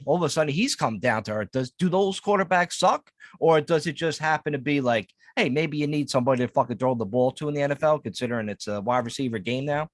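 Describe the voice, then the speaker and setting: Man, co-host, slightly raised pitch, rants with rhetorical questions, dry close sound. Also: no room sound. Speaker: podcast co-host. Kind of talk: casual sports chat.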